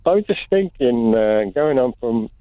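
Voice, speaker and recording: A man's voice: mid-range voice, lively intonation, normal speed, background noise. A man from Cumbria calling a radio show, hesitant and joking. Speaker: caller. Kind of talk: phone-in call. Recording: dry phone line.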